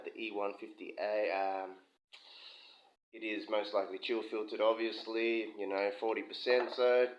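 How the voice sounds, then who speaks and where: A man giving a casual, rambling whisky review from his home kitchen, full of asides. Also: on the low side. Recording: dull lo-fi sound with slight room echo.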